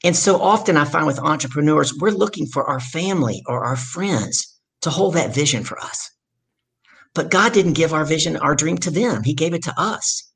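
A middle-aged woman from the States, telling her story as a guest in an energetic, emphatic way. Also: low-pitched, gravelly, slightly rough. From southern United States. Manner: energetic, emphatic storyteller who acts out quotes. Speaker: guest, business speaker. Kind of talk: storytelling in a conversation.

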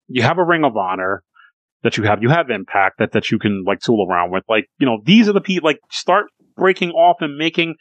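A man's voice: medium pitch, no echo, rough recording. Male podcast co-host, casual rambling wrestling talk, swears a lot, dry close sound. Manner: swears freely, rambling with restarts.

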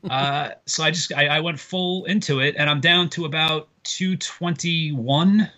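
A man's voice: a little high, steady tone, a little slow, pushed and bright. A man, a comedian, chatting casually and telling rambling stories with some swearing. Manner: loose storytelling with swearing. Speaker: comedian guest. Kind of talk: casual podcast chat.

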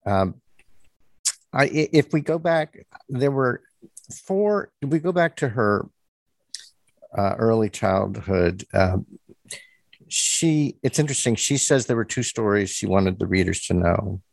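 A man's voice: lowish voice, expressive, a little slow, creaky, long pauses, no echo. A man hosting an interview, asking questions with hesitant fillers and restarts. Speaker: interviewer host. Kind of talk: interview conversation.

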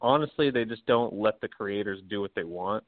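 A man in casual podcast talk as a wrestling insider, venting about fans in an animated way, laughing often. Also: fairly low pitch, normal speed, dry recording. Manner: animated, mocks fans in exaggerated quoted voices, laughs often. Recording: dry, tinny phone-like sound.

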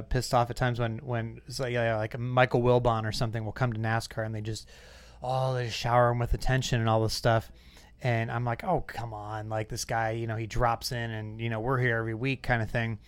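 Smooth, dry-sounding man chatting casually. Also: medium pitch, fairly even intonation, a little fast, no room sound. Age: 30s or 40s. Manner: chatty, self-deprecating, retells stories with little voices. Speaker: podcast host. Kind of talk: casual podcast chat.

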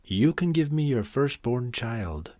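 A man's voice: medium pitch, sing-song, slow pace, a little mellow, dry recording, studio quality. A man doing a sly strange little man.

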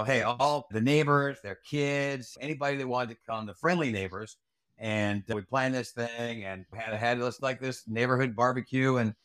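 A man's voice: medium pitch, a bit bright, no echo, studio quality. A middle-aged man, a retired Army Ranger staff sergeant, telling a long story in a casual interview, rambling with fillers and restarts and plenty of swearing. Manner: rambling, frequent fillers and restarts, salty language.

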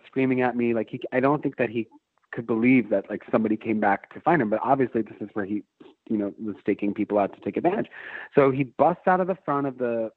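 A man with a mid-range voice tells a long story in casual chat, swearing freely and rambling through fillers and restarts. The recording is dry and narrow-band, like a phone line.

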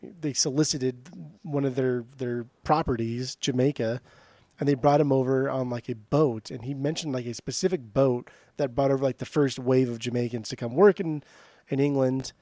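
A man co-hosting a podcast in a loose, casual way, full of "dude" and filler words. His voice sits at an ordinary pitch. The sound is dry and close, with no room in it. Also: fairly even intonation, normal speed, mellow, dry recording. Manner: casual, swearing, lots of "dude" and "like". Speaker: podcast co-host. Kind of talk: casual chat about music.

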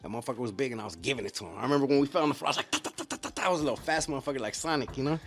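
A man hosting a podcast, telling animated stories in street slang. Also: medium pitch, very fast. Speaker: podcast host. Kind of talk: casual interview chat.

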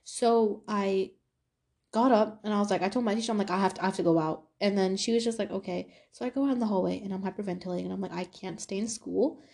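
A young woman hosting a podcast, telling a personal story in a casual, animated way with lots of fillers. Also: medium pitch, fast talker, vocal fry. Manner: animated, talkative, many fillers. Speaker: podcast host.

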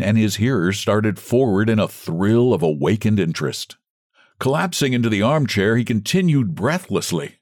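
A man narrating a story in a measured, expressive audiobook style. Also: on the low side, no room sound, studio quality.

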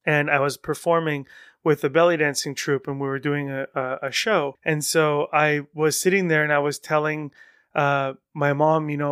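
Smooth, dry-sounding enthusiastic male podcaster. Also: fairly high pitch, a little fast, no room sound. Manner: animated, rambling, enthusiastic. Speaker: podcast host. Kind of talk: casual solo podcast talk.

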